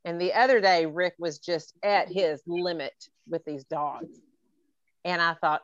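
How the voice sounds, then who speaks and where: A woman's voice: fairly low pitch, moderate pace, dry recording, lo-fi sound. A middle-aged woman hosting a podcast in casual chat, playful and teasing, laughing often. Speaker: podcast host.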